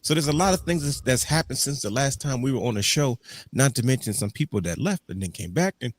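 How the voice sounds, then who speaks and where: Husky-voiced hype man hosting a podcast. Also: mid-range voice, expressive, fast talker, dry recording. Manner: hype-man show intro, sing-song announcing. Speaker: podcast host. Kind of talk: casual wrestling podcast chat.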